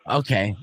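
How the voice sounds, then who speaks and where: A man hosting a radio morning show in a studio, chatting casually, swearing, and jumping up in pitch when he gets worked up. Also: pushed and bright, no room sound. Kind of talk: casual on-air banter.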